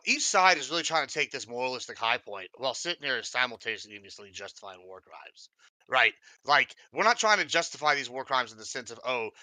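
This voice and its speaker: A man calls into a live debate stream and talks heatedly, rambling between points and mocking people he quotes. His voice is sharp, very bright and slightly high, with a dry sound. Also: no echo, low-quality recording. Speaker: caller. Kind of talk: casual call-in debate talk.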